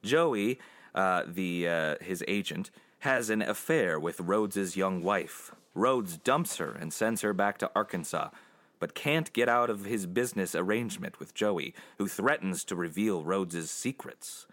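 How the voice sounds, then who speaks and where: A man's voice: low voice, lively intonation, a bit bright. A man casually recapping an old film's plot for his co-hosts, rambling with restarts and frequent laughs. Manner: rambling, laughs often, puts on quick voices for quotes. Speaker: podcast co-host summarizing a film. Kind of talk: casual chat.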